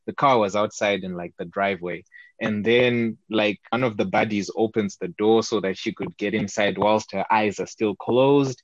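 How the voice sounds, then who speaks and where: A man's voice: fairly low pitch, moderate pace, no echo. Chatty Zimbabwean man, dry muffled mic. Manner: rambling storyteller, animated when retelling. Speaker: podcast co-host. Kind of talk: casual chat. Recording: dry, slightly muffled podcast audio.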